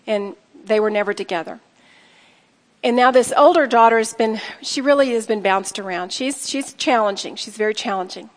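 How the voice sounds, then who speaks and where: A woman's voice: on the high side, moderate pace. Earnest middle-aged woman in a reverberant hall. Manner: earnest and heartfelt, addresses listeners directly. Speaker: speaker sharing a personal testimony. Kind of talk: emotional personal testimony to an audience.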